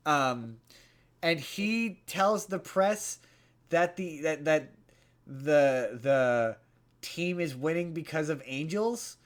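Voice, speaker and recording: Podcast co-host, male, slightly high voice, loose rambling plot recap. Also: takes it slowly. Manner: rambling, many restarts, puts on character voices in retellings. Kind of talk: casual chat, retelling a movie plot.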